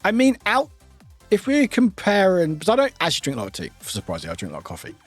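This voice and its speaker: A British man streaming live, talking in a rambling, chatty way and laughing at his own slip-ups. His voice sits a little high and swings up and down a lot, with a dry, close sound and faint music underneath. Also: wildly swooping pitch, racing, dry recording. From United Kingdom. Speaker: livestreamer. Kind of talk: casual livestream chat with viewers.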